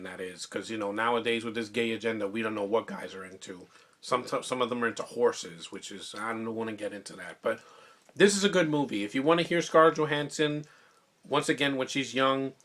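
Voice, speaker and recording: Excitable man reviewing on a phone mic. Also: medium pitch. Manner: rambling and excitable, with many restarts. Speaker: movie reviewer. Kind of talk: casual movie review vlog.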